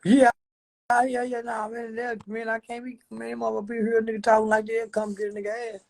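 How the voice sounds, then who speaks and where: A man hosting a livestream, talking loud and profane, swinging between preaching and joking. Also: very high voice, monotone, moderate pace, gravelly. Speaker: livestream host. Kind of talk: casual livestream rant.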